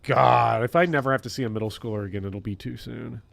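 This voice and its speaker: A man who works as a teacher, talking casually to his chat while gaming, blunt and heavily profane in an animated rant. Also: medium pitch, fast, gravelly, dry recording. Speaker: teacher streaming a game.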